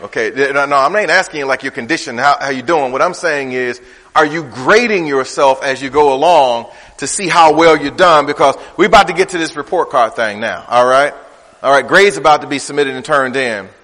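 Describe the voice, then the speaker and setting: A man preaching a sermon in a conversational style, swinging from loud, high bursts to low, quiet asides. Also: a little fast. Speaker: pastor. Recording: reverberant hall.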